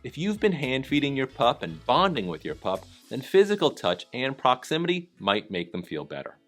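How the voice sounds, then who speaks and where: A man giving scripted voice-over narration for a training lesson, calm, instructive and encouraging. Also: mid-range voice, moderate pace, faint music behind.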